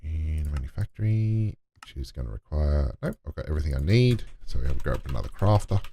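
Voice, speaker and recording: A man's voice: rumbling low, expressive, quick pace, dark tone, a little hiss or hum. A man giving casual gameplay commentary, muttering to himself and talking to in-game items as he builds. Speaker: let's play gamer.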